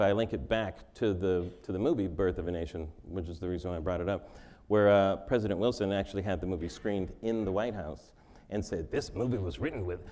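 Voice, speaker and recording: A man answering interview questions in a joking, conversational way, laughing often. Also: lowish voice. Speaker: interview guest.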